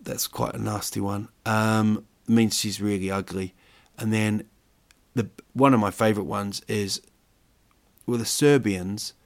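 A man with a fairly low voice rambles through a joking monologue as host. He wanders, fills pauses with "um" and stretches of thought, and keeps it loose and comic. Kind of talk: casual comedic monologue.

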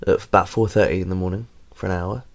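A tired man hosts a podcast with a lowish voice. He rambles through his stories in casual chat and swears freely along the way. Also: steady tone, fast, vocal fry. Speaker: podcast host.

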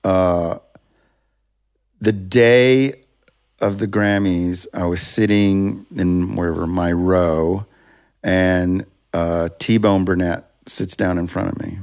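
A man's voice: sits low, steady tone, takes it slowly, darkish tone. A man, a music producer, telling a long story in a casual interview, rambling and restarting, acting out what people said. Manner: rambling, self-interrupting, acts out quotes.

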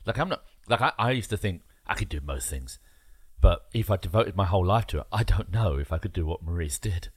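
A man's voice: sits low, animated, brisk, breathy edge, no room sound. A man hosting a podcast interview, asking rambling, enthusiastic questions. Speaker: podcast host. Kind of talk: casual interview chat.

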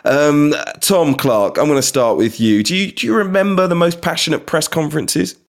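A man hosting a football podcast in a relaxed way, bringing in his panelists. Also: on the high side, normal speed, gravelly. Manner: easygoing, brings in panelists by name. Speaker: podcast host.

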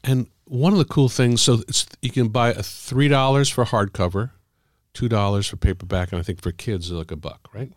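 A man, middle-aged or older, an author telling stories about the craft of writing in a casual, halting way with many fillers. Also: fairly low pitch, fairly even intonation, no room sound, studio quality. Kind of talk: casual conversational storytelling.

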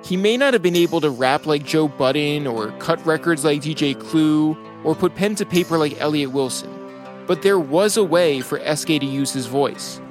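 A man narrating a scripted documentary podcast in a measured, polished way. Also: on the high side. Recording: dry studio voice-over over music.

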